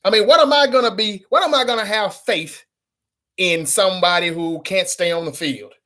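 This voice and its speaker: A man's voice: high voice, normal speed, bright, forceful tone. Blunt, fed-up man ranting. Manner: blunt, frustrated, swears, repeats himself. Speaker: sports fan channel host. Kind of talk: casual fan rant to camera.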